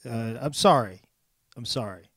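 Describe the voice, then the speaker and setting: A man's voice: mid-range voice, fairly bright tone, dry recording, clean studio sound. A man co-hosting a podcast, joking playfully and reading out puzzle clues in casual chat. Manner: playful, goofy, reads puzzle clues slowly. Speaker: podcast co-host.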